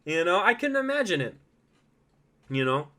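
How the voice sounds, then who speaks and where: A man hosting a solo podcast, talking in an animated, swearing, laugh-filled way that swings between loud outbursts and low asides. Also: normal speed. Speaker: podcast host.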